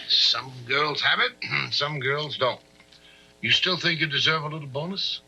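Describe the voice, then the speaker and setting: A smug, scheming official. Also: male voice, on the high side, unhurried, sharp tone, breathy edge, heavily acted, rough recording. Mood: gloating. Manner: mocking, chuckling, brusque. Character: smug scheming middle-aged male official. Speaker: government official. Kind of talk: 1970s film drama acting.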